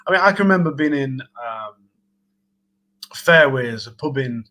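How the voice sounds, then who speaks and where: A man's voice: mid-range voice, animated, unhurried, pushed and bright, low-quality recording. A man with a Sheffield Yorkshire accent, hosting a casual livestream chat in a rambling, laughing way. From Sheffield, England. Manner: rambling, chatty, laughs often. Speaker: livestream host.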